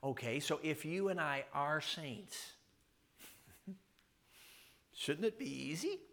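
A man's voice: a little high, slow, gravelly. A man preaching a sermon, telling stories with chuckles and asking the listeners questions. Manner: animated, storytelling with frequent chuckles and rhetorical questions.

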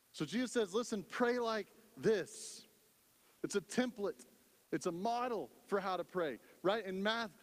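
Man, pastor, high voice, conversational sermon, long hall reverb. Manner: conversational preaching, lots of "right?".

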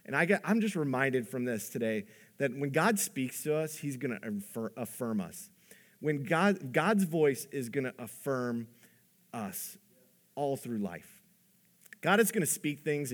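A man preaching a sermon in an earnest, conversational way, his voice rising for emphasis and dropping low for the quiet points. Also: lively intonation, moderate pace. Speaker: pastor.

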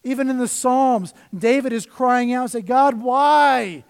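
A middle-aged man preaching a sermon as pastor, swinging between hushed asides and loud, emphatic scripture reading. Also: very high-pitched, fairly even intonation, moderate pace, smooth.

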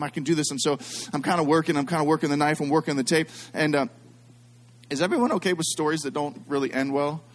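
A man with a notably high voice delivers a storytelling sermon. He is middle-aged and animated, with self-deprecating jokes and frequent asides to the congregation.

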